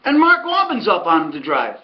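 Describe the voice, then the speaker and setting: His voice sits high, swinging hugely in pitch as he talks a little fast over dull audio. He's a middle-aged American horse racing handicapper and host, rambling through a casual monologue as a chatty storyteller with folksy asides.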